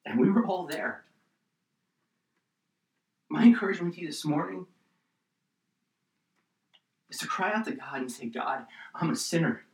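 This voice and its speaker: Preacher, male, fervent sermon delivery shifting loud to hushed; mic set back in an echoey room. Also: sits high, expressive, unhurried, pauses often. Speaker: pastor. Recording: roomy echo, distant mic.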